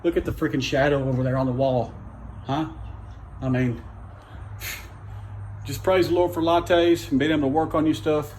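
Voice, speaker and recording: A man's voice: on the high side, fairly even intonation, normal speed, long pauses, darkish tone, slight background noise. A man with a Southern US accent talking casually and profanely as he vlogs a truck repair in his home garage, rambling and exasperated. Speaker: DIY truck vlogger. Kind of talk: casual workshop vlog rant.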